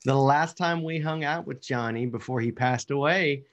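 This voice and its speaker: A man's voice: mid-range voice, normal speed, muffled recording. A man in casual chat, recalling a friend in a reflective way.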